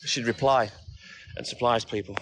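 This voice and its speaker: A milkman from England, in his fifties, greets his viewers by name while chatting casually on a phone livestream with music in the background. He speaks at a moderate pace with a medium pitch and a steady tone.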